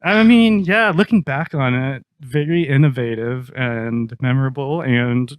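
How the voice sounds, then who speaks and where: A man's voice: medium pitch, a little slow, clean tone, no room sound, lo-fi sound. A man co-hosting a podcast, telling stories in casual chat with a loose, swearing manner. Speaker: podcast co-host.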